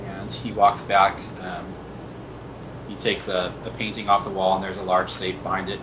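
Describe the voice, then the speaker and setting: A man narrating as game master of a tabletop game in a relaxed, casual way. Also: deep voice, normal speed, background noise. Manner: relaxed, casual, lots of fillers.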